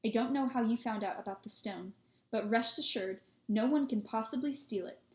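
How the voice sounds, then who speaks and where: A stern, strict older professor speaks in clipped, firm lines, read by a woman. The voice sits a little high. The recording carries a noticeable room echo. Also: moderate pace, natural voice. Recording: echoey room.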